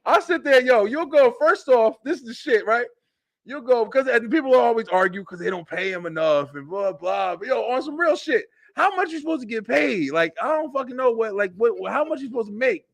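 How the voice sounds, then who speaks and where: A young man with a high, lively voice tells rowdy stories on a web show, laughing often and swearing freely. His pitch swings up sharply when he gets excited. The sound is dry and close. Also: brisk, gravelly, no room sound. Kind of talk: casual comedic storytelling.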